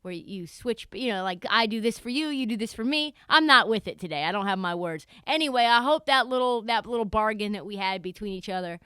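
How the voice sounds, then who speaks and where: A young adult woman hosting a podcast, telling a casual story in an animated, chatty way and swearing freely. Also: mid-range voice, brisk, few pauses, smooth, no room sound, clean studio sound. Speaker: podcast host.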